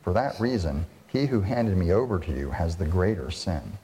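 Calm solemn prisoner guy, read by a man, lowish voice, hall echo. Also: moderate pace. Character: calm, solemn male prisoner facing judgment. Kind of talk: scripture reading. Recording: reverberant hall.

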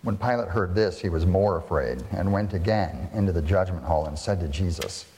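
A man serving as lector reads scripture aloud in a measured, formal way. His voice sits a little low, and a long reverb from a large hall follows each phrase. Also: animated, darkish tone, a little hiss or hum. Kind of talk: scripture reading.

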